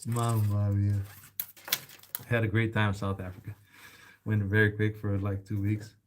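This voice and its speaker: A man's voice: fairly low pitch, monotone, a little slow, slight background noise. A young man, chatting casually while repairing a bike in his shop, rambling and calling the listener man and bro. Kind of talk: casual chat while working.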